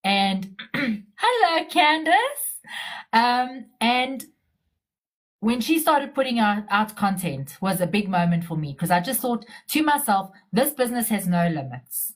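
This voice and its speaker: A middle-aged woman chatting on a live stream. She tells her story eagerly, stumbling and restarting as she goes. Her pitch sits in the middle range. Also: lively intonation, unhurried. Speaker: community member sharing her story. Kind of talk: casual live-stream chat.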